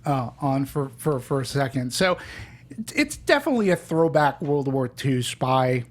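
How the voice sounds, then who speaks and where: Male podcast host, casual film chat, halting and chatty, mid-pitched. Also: very animated. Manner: chatty, halting with restarts and laughs. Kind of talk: casual movie review chat.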